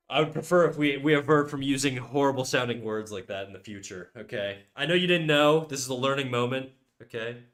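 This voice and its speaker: A man's voice: mid-range voice, a bit bright. A young man chatting casually on a live stream, joking crudely and rambling with frequent restarts. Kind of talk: casual livestream chat. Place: home room.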